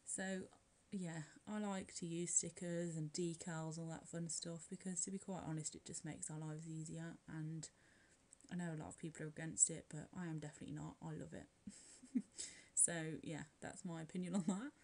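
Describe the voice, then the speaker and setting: A woman's voice: low voice, steady tone, moderate pace, dark tone. A woman chatting casually through a nail art voice-over, rambling with frequent light laughs and filler words. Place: at home, curling her hair while recording.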